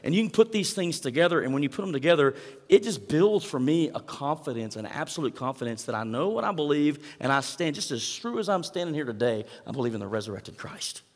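A man's voice: on the high side, expressive, a little fast. Preaching man in a reverberant church. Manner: preaching with scripture reading, asks the congregation questions. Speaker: pastor. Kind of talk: sermon. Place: church sanctuary. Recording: hall reverb.

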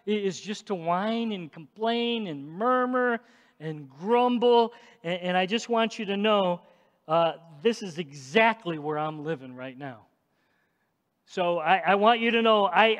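A male pastor with a fairly high voice preaches at an unhurried pace. He swings between forceful declarations and near-whispered asides. The sound rings with the long reverb of a large sanctuary. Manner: emphatic, swings between loud and hushed. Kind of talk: sermon.

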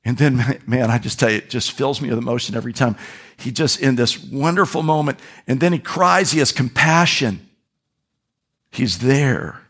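A man preaching a sermon as pastor, hoarse from a throat problem, talking conversationally with restarts and asides. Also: mid-range voice, normal speed, fairly bright tone. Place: church.

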